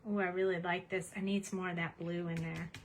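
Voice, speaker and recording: A woman's voice: on the low side, level tone, quick pace, background noise. A woman hosting a casual craft demonstration at her home desk, chatty and cheerful as she narrates each step. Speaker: craft tutorial host.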